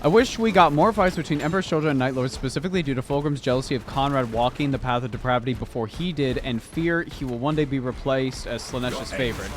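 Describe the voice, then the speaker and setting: A man casually commenting while streaming a game, rambling and animated, swearing often. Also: medium pitch, fast talker, hardly any pauses, slight background noise.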